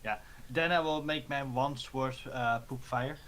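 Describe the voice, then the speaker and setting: A man playing a tabletop game, speaking haltingly and restarting words often. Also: mid-range voice, fairly bright tone, a little hiss or hum. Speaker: player. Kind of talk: casual chat during a tabletop game.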